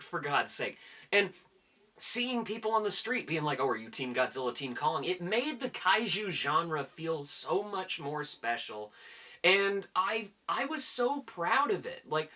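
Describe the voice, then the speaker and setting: A man doing a casual countdown of his favorite movies as a vlogger, excitable and hyping things up, swearing casually as he talks. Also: high voice.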